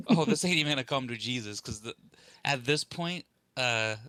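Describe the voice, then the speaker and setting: A man playing a tabletop game, casually describing his character's actions in a relaxed way. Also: mid-range voice, normal speed, dry recording. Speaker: player.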